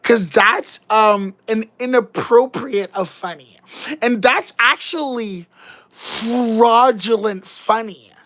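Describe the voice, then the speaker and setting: A woman's voice: fairly high pitch, takes it slowly, a bit bright, low-quality recording. A woman, hosting a casual livestream and chatting in a giggly, rambling, joking way. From Canada. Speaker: livestream host.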